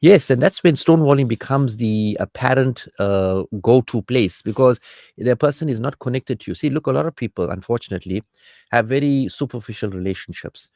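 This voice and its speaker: A man hosting a radio counselling show, giving marriage advice in an animated, preachy way and acting out quarrelling spouses. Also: mid-range voice, a little fast, creaky, no room sound, studio quality. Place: radio studio.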